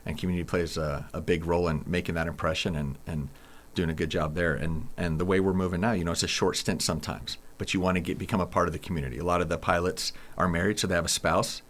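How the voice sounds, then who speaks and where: Low-voiced military commander. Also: male voice, fairly even intonation. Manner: plain, measured, repeats words. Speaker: air force base commander. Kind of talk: interview answers.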